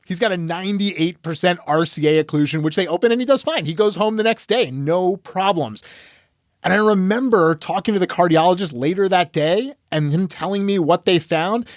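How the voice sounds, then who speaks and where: ER doc, male, high voice, dry close mic, lively storyteller. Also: normal speed, dry recording. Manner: storytelling, acts out dialogue. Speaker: emergency physician. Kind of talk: case discussion podcast.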